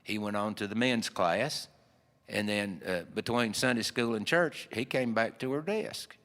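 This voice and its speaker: Folksy Appalachian storyteller in a hall. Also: male voice, on the low side, measured pace, a bit bright. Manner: folksy, rambling with fillers. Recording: long hall reverb.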